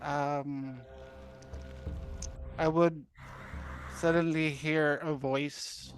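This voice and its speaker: Guy player, slow and hesitant, bit higher voice, faint room sound. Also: little pitch movement, soft background music. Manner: hesitant, with fillers. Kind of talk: describing his character's actions.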